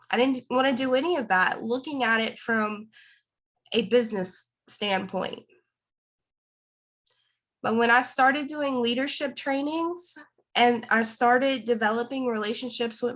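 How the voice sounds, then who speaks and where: A woman speaks earnestly to her team about commitment and serving others. Her voice sits slightly high, and she comes across as sincere and a little nervous. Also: a bit bright. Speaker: guest speaker on a team call. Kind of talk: motivational talk.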